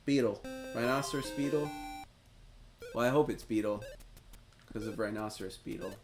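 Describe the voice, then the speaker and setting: A man's voice: lowish voice, moderate pace, faint music behind. A man hosting a live stream, cheering and chatting to viewers as he plays a retro quiz game. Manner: excitable, cheers and chats to viewers. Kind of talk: live gameplay commentary.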